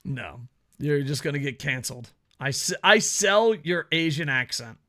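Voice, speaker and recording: A man's voice: fairly high pitch, lively intonation, normal speed, bright, forceful tone. A man co-hosting a podcast, bantering casually and often breaking into laughter. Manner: giggly, playful, breaks into laughter. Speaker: podcast co-host. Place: Japan.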